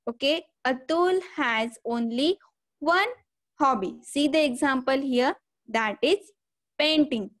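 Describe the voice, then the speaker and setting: A woman's voice: high-pitched, takes it slowly, fairly bright tone. A woman teaching a grammar lesson, explaining step by step and saying "okay" again and again. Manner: repeats "okay" and "see here" often, explains step by step.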